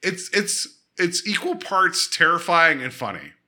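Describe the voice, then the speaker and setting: A man co-hosting a podcast, casually and animatedly retelling an episode with lots of quick asides. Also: sits high, sing-song, pushed and bright. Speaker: podcast co-host. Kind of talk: casual chat.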